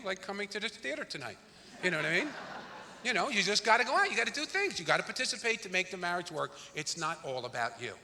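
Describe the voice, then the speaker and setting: Brash New stand-up comic, bright voice. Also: male voice, high voice. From New York, the Bronx. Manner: brash, rapid-fire storytelling. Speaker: stand-up comedian. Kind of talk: stand-up comedy routine. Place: theater stage. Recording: live theater reverb, faint room noise.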